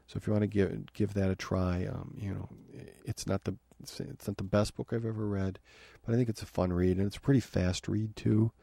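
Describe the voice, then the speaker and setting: A man's voice: on the low side, little pitch movement, a little fast, vocal fry, few pauses, dark tone, no room sound. A man hosting a podcast from his home office, chatting casually with frequent fillers and restarts. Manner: rambling, many fillers and restarts. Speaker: podcast host. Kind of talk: casual review talk.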